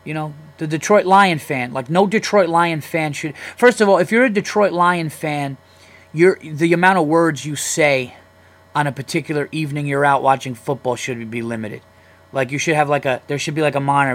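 A man's voice: fairly high pitch, normal speed. Profane ranting New man. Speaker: podcast host. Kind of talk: casual solo podcast monologue.

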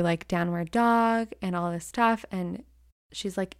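A woman's voice: fairly low pitch, fairly even intonation, normal speed, a little mellow, no echo, studio quality. A young woman who teaches acting, telling a personal story in a candid, rambling way with lots of "like" fillers.

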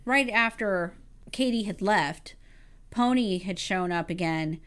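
A woman's voice: medium pitch, takes it slowly, a bit bright, clean tone. A woman co-hosting a podcast, chatting and laughing as she recaps a film. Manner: chatty, laughing, playfully scolding. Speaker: podcast co-host. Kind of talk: casual chat recapping a film.

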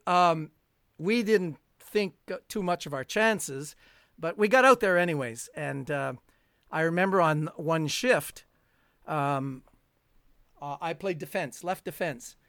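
A man's voice: on the high side, a bit bright, smooth, dry recording, clean studio sound. An older man, telling a long story as a guest, rambling and chuckling with plenty of fillers. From Canada. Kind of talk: storytelling in a conversation.

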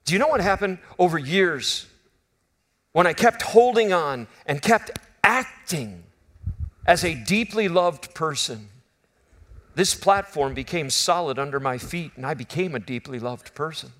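A man in his fifties with a fairly high, animated voice preaches a sermon at a measured pace. He tells a personal story in an earnest, conversational way, swinging from loud bursts to quiet intimacy.

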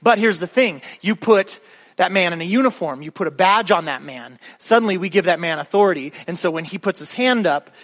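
A man preaching a sermon as a pastor, in a conversational, animated way with frequent "all right?" asides to the congregation. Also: on the high side.

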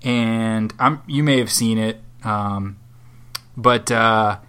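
A man's voice: on the low side, slow pace, pushed and bright, clean tone. A man co-hosting a podcast from Southwest Florida, chatting casually in a rambling, sardonic and profane way. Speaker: podcast co-host. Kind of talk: casual chat.

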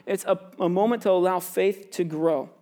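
A man's voice: sits high, normal speed, warm tone. A male pastor preaching a sermon in a loose, conversational way, often asking "right?".

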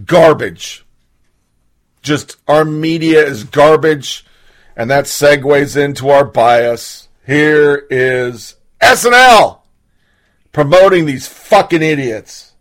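A man hosting a show launches into a casual political rant, heated and sarcastic, with plenty of swearing. His voice sits a little high for a man. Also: takes it slowly, fairly bright tone. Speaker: host.

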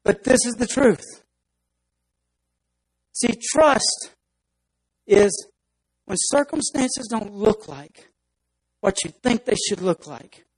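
A male pastor preaches with emphasis and breaks into acted-out scenes. His voice sits high, with a husky edge. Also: lively intonation, takes it slowly, long pauses, poor audio. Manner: emphatic preaching, acts out stories. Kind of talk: sermon.

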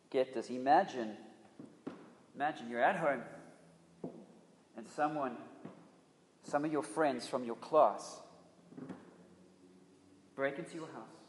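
A man's voice: mid-range voice, a little hiss or hum. Man preaching in a reverberant hall. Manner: emphatic, conversational, repeats and restarts phrases. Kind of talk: sermon.

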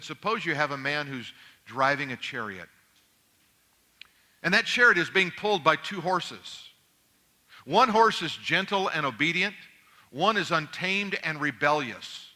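Bright-voiced man preaching a sermon. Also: a little high. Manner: conversational, acts out little dialogues. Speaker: pastor.

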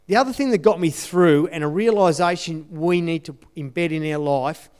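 A man's voice: fairly high pitch, moderate pace, a little mellow, smooth. A man giving a conversational sermon testimony in an earnest way, repeating his key phrases. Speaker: church speaker sharing testimony.

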